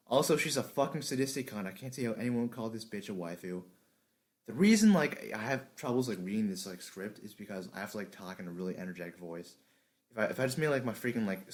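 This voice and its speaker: A man recording an anime review, shouting lines with energy between low, mumbled, profane asides and retakes. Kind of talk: unscripted commentary recording with retakes.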